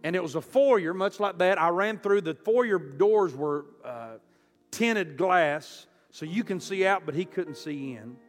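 A man preaching a storytelling sermon, impassioned and surging from quiet to loud. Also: high-pitched, animated, a little slow. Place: church auditorium. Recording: reverberant hall with soft music.

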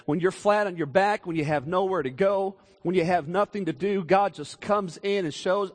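A man preaching a sermon, moving from quiet storytelling to raised, emphatic declarations. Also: fairly high pitch, a little fast, few pauses. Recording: long hall reverb.

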